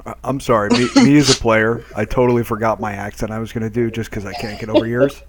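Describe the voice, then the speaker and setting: A man's voice: lowish voice, flat delivery, quick pace, noisy background. A man playing in a tabletop game, joking and swearing as he keeps slipping into a Southern accent. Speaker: player. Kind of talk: casual tabletop game chat.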